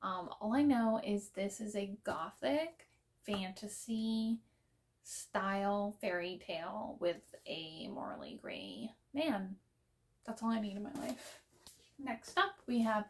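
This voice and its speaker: A young woman book vlogger chats casually to camera about the books she wants to read, playful and poking fun at herself. Her voice is mid-range and gravelly.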